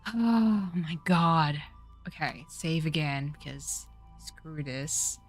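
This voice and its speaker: A woman's voice: low voice, lively intonation, takes it slowly, faint music behind. A woman streaming a game, talking to her chat and getting exasperated at the game. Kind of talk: let's play commentary.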